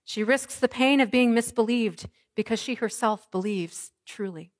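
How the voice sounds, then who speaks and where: A woman pastor preaching an Easter sermon, moving from hushed, soft lines to ringing proclamations. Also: on the high side, moderate pace, dry recording, clean studio sound.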